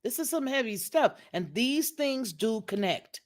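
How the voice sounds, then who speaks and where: A woman's voice: a little high, big pitch swings, a little slow. A woman commenting on a video in a preacherly, emphatic way, quoting scripture as she goes. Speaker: online commentator.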